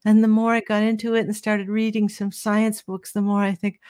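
An older woman, a professor and interview guest, explaining ideas in a measured, teacherly way. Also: mid-range voice, little pitch movement, darkish tone, no echo, studio quality.

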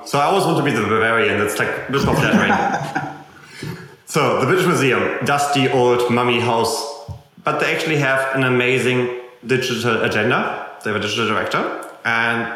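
German-accented man, enthusiastic talker, bright edgy tone, heavy room echo. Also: mid-range voice. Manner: enthusiastic, talkative, self-deprecating. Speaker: guest, software company representative. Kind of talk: casual podcast chat. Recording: very echoey room.

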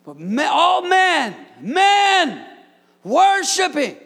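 A man with a very high, gravelly voice preaches a sermon to his congregation. He shouts his key points for emphasis and slips into playful, joking asides between them. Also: huge pitch swings, extremely slow. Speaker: pastor. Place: church.

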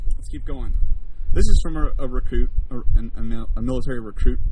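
A man preaching a sermon, animated, drawing the congregation into call and response. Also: mid-range voice, a little fast, far from the mic, background noise.

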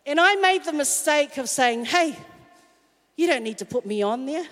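A woman's voice: sits high, lively intonation, moderate pace, a bit bright. A woman telling a candid, self-mocking personal story in a sermon. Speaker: speaker at a church talk. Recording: long hall reverb.

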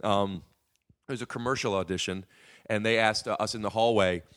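A man's voice: lowish voice, steady tone, fairly quick, a bit bright. A man guesting on a podcast, telling rambling, profane stories with lots of fillers. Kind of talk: casual storytelling.

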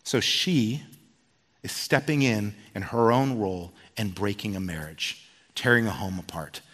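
A man preaching a sermon and telling a personal story, swinging from loud outbursts to hushed tones. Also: on the low side, unhurried. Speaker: pastor. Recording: long hall reverb.

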